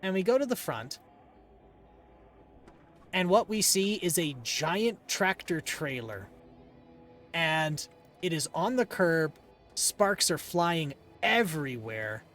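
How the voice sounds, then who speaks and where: Deadpan rambling man, lively pitch. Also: takes it slowly, long pauses, soft background music. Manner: rambling, dry, deadpan asides. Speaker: game streamer. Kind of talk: casual storytelling while gaming.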